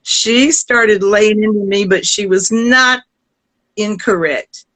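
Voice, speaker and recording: An older woman with a Southern US accent, a guest singer telling stories in an interview, lively and often laughing, with restarts. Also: medium pitch, slow pace, low-quality recording. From American South. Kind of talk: storytelling in a conversation.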